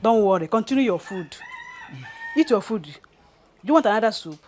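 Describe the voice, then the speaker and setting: An actress with a Nigerian English accent playing a fussing, apologetic canteen owner who keeps saying sorry. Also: female voice, medium pitch, expressive, brisk, a little hiss or hum, lightly acted. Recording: film audio with loud music under.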